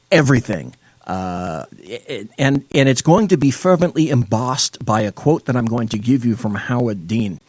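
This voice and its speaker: A man's voice: mid-range voice, no room sound. Scornful male talk-show host. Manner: scornful, emphatic, reads quotes aloud. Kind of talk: opinionated live-stream talk.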